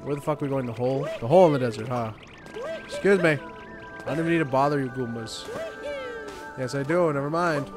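A young man commenting on a game as he plays, swearing often and joking excitedly. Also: medium pitch, a little fast, long pauses, music in the background. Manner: profane, excitable, jokey. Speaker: gaming YouTuber. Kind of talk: let's play commentary.

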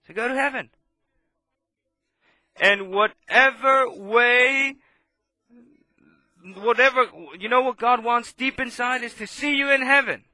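Impassioned high-voiced male preacher. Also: steady tone, fairly quick, hardly any pauses, no room sound. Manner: impassioned, swinging from loud to hushed. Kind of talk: sermon.

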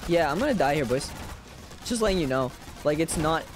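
Giggly female gaming streamer with a lively, animated voice who swears casually and reads game text aloud. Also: sits low, brisk, noisy background. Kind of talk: casual live-stream commentary.

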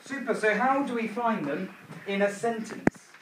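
Leading a call-and-response chant for a primary school grammar lesson, a man speaks at a moderate pace in a high-pitched voice. The classroom recording is noisy and echoey, the mic well away from him.

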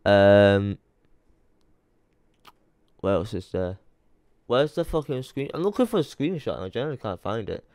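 A man's voice: fairly low pitch, big pitch swings, normal speed, long pauses, darkish tone, no echo. A young man ranting to camera, rambling and swearing as he mutters to himself while searching his computer late at night, tired. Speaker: YouTuber. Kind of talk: frustrated rant to camera.

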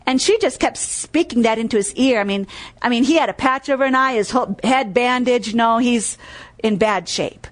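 A woman's voice: fairly high pitch, moderate pace. A woman preacher giving a sermon. She tells stories, reads scripture aloud, repeats key phrases for emphasis and quizzes listeners with "what?".

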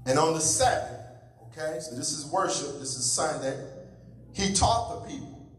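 A man preaching a sermon as pastor, with call-and-response lines to the congregation, swinging between loud calls and low asides. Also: animated, moderate pace, slight background noise. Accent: American. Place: large church sanctuary. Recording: echoey hall from far off.

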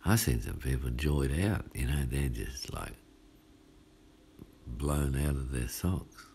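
A man's voice: a bass voice, lively intonation, slow pace, creaky, darkish tone, a little hiss or hum. A male pastor with an Australian accent, giving a casual midweek sermon in a folksy, chatty way and often asking "hey?". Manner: folksy and chatty, asks "hey?" often, laughs at his own lines.

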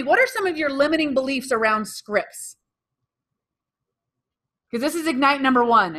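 Leading a live workshop, this real estate sales trainer puts questions to the room and repeats what the audience answers. Her voice sits high and has a sharp tone.

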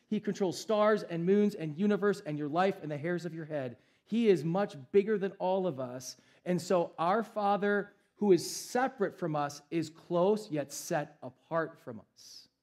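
A man's voice: high voice, a little mellow. A young adult man, a pastor preaching a sermon in an emphatic, conversational way.

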